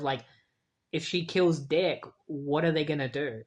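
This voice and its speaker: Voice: mid-range voice, fairly quick. Casting note: a casual comic reviewer who rambles with fillers and wry asides, in a mid-range voice. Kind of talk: casual comic book recap.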